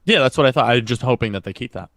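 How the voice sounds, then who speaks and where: A man co-hosting a casual podcast, talking with eager fan enthusiasm and quick asides. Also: medium pitch, lively intonation, a bit bright, dry recording, studio quality. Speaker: co-host.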